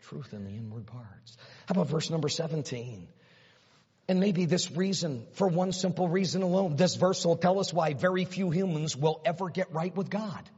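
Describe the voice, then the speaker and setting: A man preaching in a big church hall, his fairly high voice husky and his delivery dramatic, dropping to near-whispers and then building into loud, repeated questions. The sound is dull and muffled, with a long reverb trailing each phrase. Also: moderate pace. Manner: dramatic, swings from hushed near-whispers to loud emphatic runs. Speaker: pastor. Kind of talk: sermon.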